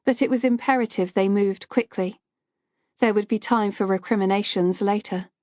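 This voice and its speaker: A woman narrating a thriller audiobook in a steady, measured storytelling voice. Her pitch sits in the middle of the range, and the recording is dry and close to the mic, with no room sound. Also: no echo.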